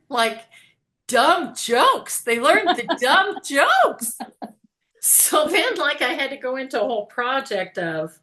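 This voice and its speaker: A woman's voice: mid-range voice, sharp tone. A woman teacher chatting casually, telling stories and laughing often. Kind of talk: casual conversation.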